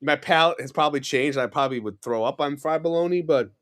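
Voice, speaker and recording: A man in his forties from New York City, a podcast guest telling rambling, animated stories in casual chat with lots of fillers and restarts. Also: on the high side, fast.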